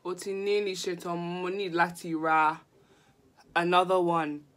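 A woman's voice: on the low side, fairly even intonation, a little slow, fairly bright tone, a little hiss or hum. Giggly young woman vlogging. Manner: giggly, mixes Yoruba and English. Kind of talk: casual makeup tutorial vlog.

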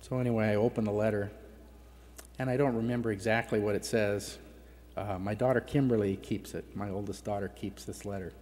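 A man's voice: on the low side, fairly even intonation, brisk, darkish tone. Man telling a personal story in a reverberant hall. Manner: emotional, voice breaking at times. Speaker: conference speaker. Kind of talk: personal testimony talk. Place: large conference hall.

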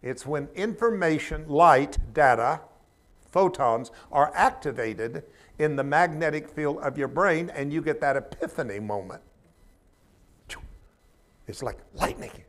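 A man's voice: fairly high pitch, animated, a little slow, fairly bright tone. A man teaching a spiritual class in an informal sermon style, talking in a conversational, emphatic way with humorous asides.

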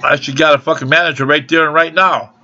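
A man's voice: fairly high pitch, steady tone, fast, pushed and bright, a little hiss or hum. An older man delivering a rambling, profane, aggrieved rant into a home video camera. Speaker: vlogger. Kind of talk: angry ranting monologue. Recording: dull lo-fi home video sound.

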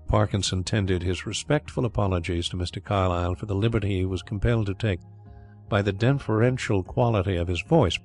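A man narrating a classic detective story audiobook in an even, steady reading. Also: sits low, a little fast, soft background music.

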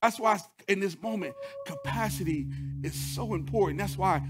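A male pastor preaching a sermon, repeating phrases, breaking into sung lines and shouts, talking straight to the congregation. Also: sits high, normal speed, soft background music. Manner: repeats words, call-and-response asides.

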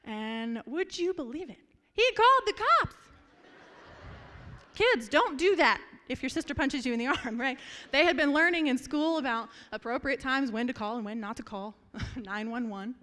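A young woman giving a memorial speech, telling lively anecdotes with frequent laughter before turning earnest. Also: high-pitched, normal speed, hardly any pauses. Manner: lively storyteller, laughs often, turns earnest. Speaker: family member giving a eulogy. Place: memorial gathering hall. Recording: reverberant hall.

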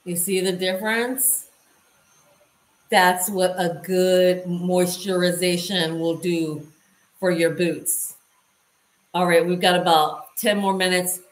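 A woman's voice: on the low side, fairly even intonation, slow. A woman vlogger casually demonstrating a hands-on task and chatting to her viewers as she works. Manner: chatty, talks to viewers while working. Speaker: lifestyle vlogger. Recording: roomy echo.

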